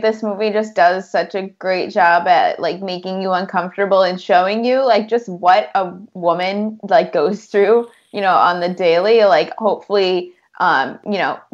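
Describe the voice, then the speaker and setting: A young woman talking earnestly about a film, reflective and full of "like" and "you know" fillers. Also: lowish voice. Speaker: film discussion co-host. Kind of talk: casual film discussion. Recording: dull lo-fi sound.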